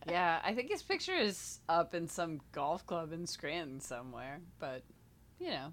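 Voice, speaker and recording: A woman co-hosting a casual podcast, expressive and quick to swear and exclaim in surprise. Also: low voice, slight background noise. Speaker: podcast co-host. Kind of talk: casual chat.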